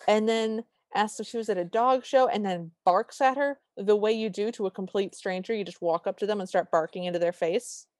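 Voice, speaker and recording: A woman co-hosting a podcast, recapping a movie in animated casual chat and quoting the characters. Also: mid-range voice, normal speed, no echo, studio quality. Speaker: podcast co-host.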